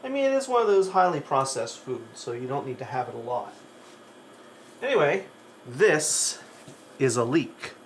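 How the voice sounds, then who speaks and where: A man's voice: medium pitch, big pitch swings, normal speed, pauses often, a little hiss or hum. A man hosting a live cooking demo, talking chattily to his viewers while he cooks. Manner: chatty storyteller who talks to the chat. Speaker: cooking show host.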